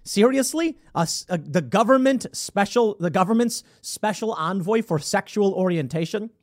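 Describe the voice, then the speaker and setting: Reading out news passages, this political commentator reacts with disbelief and sarcasm in an expressive, high-pitched voice that ranges widely. His delivery is casual and moderately paced, full of stumbles and mocking side remarks.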